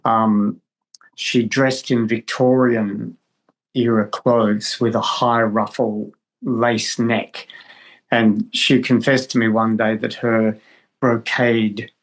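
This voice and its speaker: An older man, a guest actor, spinning a long anecdote with halting restarts. He talks in a relaxed, conversational way and comes through on a video call. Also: lowish voice, poor audio. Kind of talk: storytelling in conversation.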